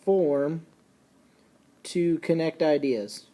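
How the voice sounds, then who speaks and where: A man teaching a recorded lesson, folksy and casual, slowing down and repeating key points so students can take notes. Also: a little high, warm tone. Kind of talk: recorded classroom lecture.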